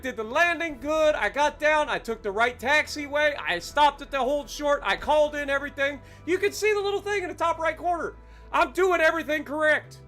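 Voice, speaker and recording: A man's voice: very high voice, sharp tone. A man streaming a flight game live, ranting angrily and profanely at the game. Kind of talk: live gameplay commentary.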